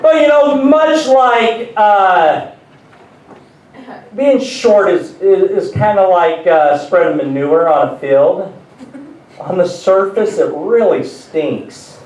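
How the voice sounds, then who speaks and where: A man's voice: sits high, takes it slowly, a little mellow. A male stand-up comedian telling self-deprecating stories with frequent restarts, in a large venue before an audience. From United States. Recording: echoey room, voice far from mic.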